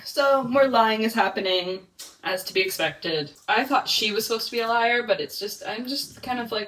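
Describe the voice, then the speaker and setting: A woman's voice: on the high side, normal speed. A young woman chatting casually in a reading vlog at home, rambling with lots of filler words. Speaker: book vlogger. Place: home, reading in bed or on couch. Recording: voice a bit far from the mic.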